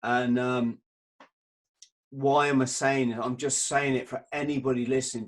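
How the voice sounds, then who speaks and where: A man's voice: medium pitch, flat delivery, moderate pace. Blunt-talking man telling stories. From Britain. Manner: emphatic, swears freely, repeats words when stuck. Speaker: podcast host. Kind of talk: candid storytelling in conversation.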